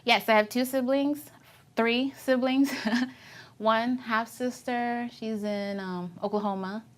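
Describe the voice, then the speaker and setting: A woman's voice: fairly high pitch, steady tone, slow pace. A young adult woman and Navy veteran being interviewed, telling her memories casually and candidly, laughing often as she talks.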